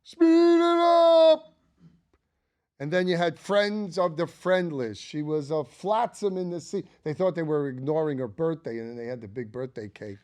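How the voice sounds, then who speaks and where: A man's voice: a little high, normal speed, few pauses, darkish tone. An older man hosting a casual ranking monologue, chatty and enthusiastic, rambling with frequent asides. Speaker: channel host.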